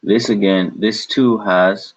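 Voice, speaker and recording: A man's voice: on the low side, fairly even intonation, takes it slowly. A man teaching a language lesson, patiently repeating each syllable several times. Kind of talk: slow spoken language lesson. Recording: dull lo-fi recording.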